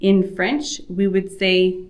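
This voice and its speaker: Woman french teacher, super slow and careful, clear diction, mid pitch. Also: steady tone. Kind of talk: language lesson.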